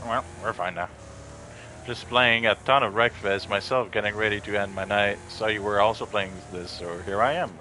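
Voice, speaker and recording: While live-streaming a racing game, a laid-back man rambles and swears freely in casual chat, turning emotional when someone thanks him. His voice sits on the low side, bright and forceful, with a little hiss or hum.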